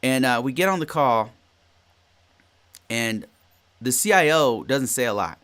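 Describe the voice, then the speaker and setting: A man's voice: medium pitch, animated, unhurried, a bit bright, clear, resonant tone. A man in his forties hosting a podcast, telling a work story in a rambling way, often repeating and restarting phrases. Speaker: podcast host. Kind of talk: casual solo podcast talk.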